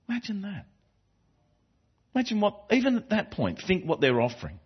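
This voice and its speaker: A man's voice: high-pitched, huge pitch swings, brisk, long pauses, husky. A man preaching a sermon to a congregation, earnest and emphatic, often repeating and restarting phrases. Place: church before a congregation. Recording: dull lo-fi recording.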